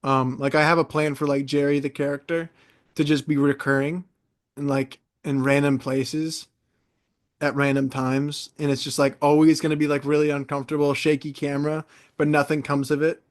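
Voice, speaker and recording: A man's voice: a little high, moderate pace. Chatty young man from New York. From New York, USA. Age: 20s. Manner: animated, rambling, many fillers and restarts. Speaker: podcast co-host. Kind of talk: casual chat storytelling.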